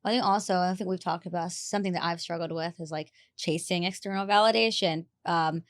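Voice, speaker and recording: In casual chat on a podcast she co-hosts, a woman spins stories with lots of laughter, giggly and animated. Her voice is lowish and fairly quick, and there's no echo.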